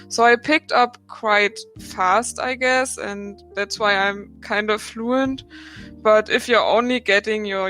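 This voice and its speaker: A woman's voice: mid-range voice, a bit bright. A woman in her twenties from Germany with a German accent, a podcast guest chatting casually with many fillers and laughs. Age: 20s. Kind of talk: casual chat.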